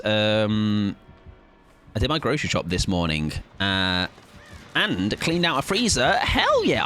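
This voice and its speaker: A young man chats through his gameplay stream, joking and rambling. His pitch swings around in a lively, animated way, and faint game music plays under his voice. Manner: playful, joking, chatty with goofy bits. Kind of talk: casual live-stream gaming chat.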